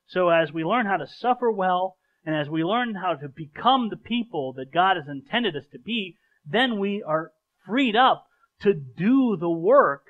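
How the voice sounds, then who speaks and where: A man's voice: high-pitched, highs cut off. A man preaching a sermon in an earnest, conversational way, often repeating words as he restarts his sentences. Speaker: pastor. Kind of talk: sermon with a live stage illustration.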